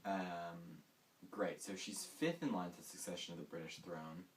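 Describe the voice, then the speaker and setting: A man's voice: sits low, measured pace. A man hosting a comedic monologue, rambling and mocking himself with sarcastic asides. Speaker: host. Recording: distant mic with faint hiss.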